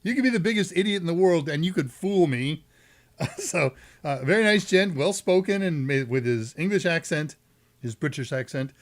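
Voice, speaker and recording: A man's voice: a little high, lively intonation, moderate pace. A man with a Texan accent hosting a live tech Q&A stream, talking in a rambling, jokey way with asides and self-corrections. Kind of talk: casual live-stream chat.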